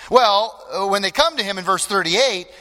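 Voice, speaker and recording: Bright-voiced man preaching in a hall. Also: sits high, normal speed. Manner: earnest, emphatic preaching with repeated phrases. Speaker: pastor. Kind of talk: sermon.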